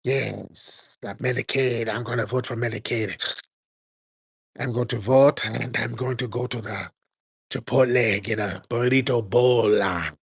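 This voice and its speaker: A halting, mumbling caller who can't get a question out, dragging every thought with "uh" and "er", as a man mocks him. The voice sounds a little back from the mic, in a dry setting. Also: mid-range voice, steady tone, creaky, husky, no echo. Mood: rambling. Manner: hesitant, filler-heavy, slow mumbling. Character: rambling, halting male radio caller.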